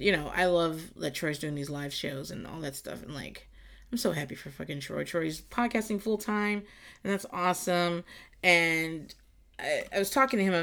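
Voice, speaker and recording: Bright-voiced rambling, profane woman podcaster. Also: creaky. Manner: rambling, profane, laughs often, jumps to squealing high voices for quotes. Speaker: podcast host. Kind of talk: casual solo podcast rant. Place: garage.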